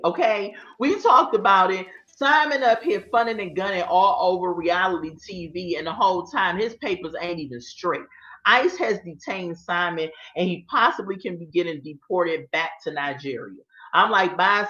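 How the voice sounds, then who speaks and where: A woman's voice: on the low side, sharp tone. A woman, hosting a casual livestream, sassy and chatty, talking straight to her viewers. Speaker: livestream host. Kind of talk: casual commentary chat. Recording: roomy, dull lo-fi sound. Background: faint light music.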